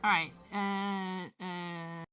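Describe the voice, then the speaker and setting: A woman's voice: fairly low pitch, flat delivery, extremely slow, sharp tone, muffled recording, soft background music. A woman from Britain chatting and teasing casually while playing a game together on stream. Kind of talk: casual gameplay chat.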